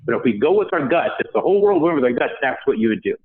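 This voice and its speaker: A podcast guest with a mid-range, sing-song voice talks very fast over phone-quality sound. He's telling a personal story in the interview, acting out the voices of the people he quotes.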